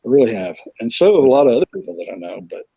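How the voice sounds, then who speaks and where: A man's voice: medium pitch, sing-song, rapid-fire, gravelly, dark tone, breathy edge, no room sound, highs cut off. A man with a Southern US accent, telling his story in a rambling, casual way on a remote call. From South Carolina, USA. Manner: rambling storyteller, acts out quoted voices. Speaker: guest. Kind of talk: casual conversation.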